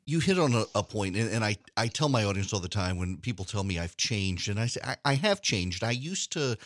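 A man's voice: on the low side, big pitch swings, a little fast, no room sound, studio quality. A middle-aged man hosting a radio talk show, speaking earnestly and reflectively with frequent restarts. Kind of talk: casual radio interview chat.

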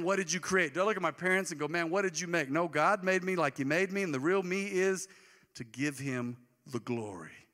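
A man in his forties preaches a sermon from the pulpit, mixing jokes and casual asides with sudden bursts of emphasis. His voice is bright and sits a bit high. The sound carries the long echo of a church hall. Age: 40s. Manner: conversational, joking, with bursts of emphasis. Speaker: pastor.

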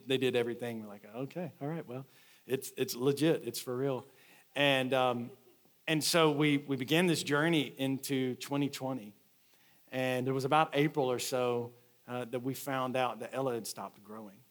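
A man, a lead pastor, preaching a sermon in a conversational storytelling way, often restarting his phrases. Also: medium pitch.

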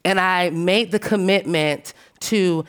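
Smooth-voiced woman telling a lively story. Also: lowish voice, slow. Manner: animated, emphatic storytelling; frank and profane, calls listeners "baby". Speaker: panelist. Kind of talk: panel discussion talk.

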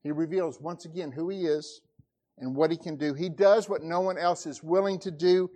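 A man's voice: fairly high pitch, moderate pace. Dramatic male preacher. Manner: dramatic preaching, voice rising and dropping to a hush. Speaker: pastor. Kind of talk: sermon.

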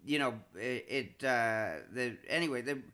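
Bright, halting male comedian. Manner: halting, many restarts and repeated words; animated, jumps in pitch when excited. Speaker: comedian and show creator. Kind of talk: casual podcast chat.

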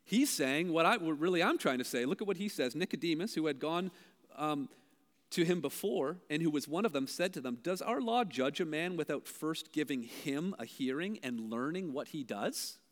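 A high-voiced male pastor preaches with a lively, swooping delivery. He moves from loud, emphatic lines to quiet, hushed ones, and his voice rings with a long reverb as if in a large hall. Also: normal speed. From Canada. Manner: animated preaching that swings between loud and hushed. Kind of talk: sermon.

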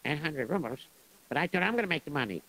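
A meek, poor shoemaker stammering through his words, as a man acts him out. His gravelly voice sounds bright and edgy. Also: fairly high pitch, expressive, fast, heavily acted. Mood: flustered. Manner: stammering, hesitant.

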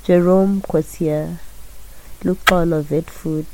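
A woman reading out credits in a calm, measured way. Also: fairly low pitch, noisy background. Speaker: credits reader.

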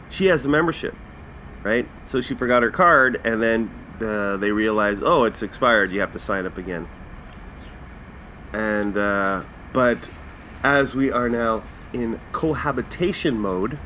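A man's voice: medium pitch, a little hiss or hum. A man hosting a casual comedy podcast, ranting with lots of swearing. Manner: profane, animated ranting. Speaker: podcast host.

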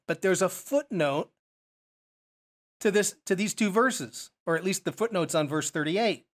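A man's voice: high voice, fairly bright tone. A man teaching a Bible study lesson, explaining verses and asking rhetorical questions as he goes.

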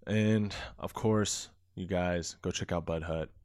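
A man's voice: sits low, steady tone, slow pace, a little mellow, clean tone, no echo, studio quality. A stoned man hosting a casual solo podcast, rambling in a laid-back, profane way, with a beat playing underneath. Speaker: podcast host.

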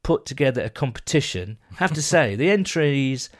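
A man's voice: mid-range voice, expressive, moderate pace, crowd noise. A man co-hosting a podcast, chatting and joking in casual banter. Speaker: podcast co-host.

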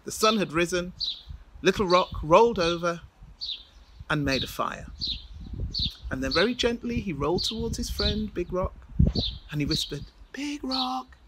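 A woman's voice: lowish voice, animated, normal speed, pauses often, noisy background. A woman storyteller telling a folk tale with rhythmic repetition and dramatic build-ups.

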